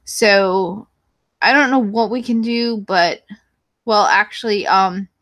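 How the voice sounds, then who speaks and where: A woman's voice: medium pitch, slow pace, fairly bright tone, dry recording. A woman hosting her own channel, chatting casually with viewers in a rambling, blunt and profane way, full of fillers and restarts. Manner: frequent fillers and self-corrections. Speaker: YouTube channel host. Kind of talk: casual chat answering viewers.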